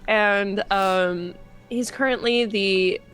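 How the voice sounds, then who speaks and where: A woman's voice: medium pitch, slow, fairly bright tone, clean tone, faint music behind. A woman narrating a tabletop game as game master, hesitant and giggly, with many ums.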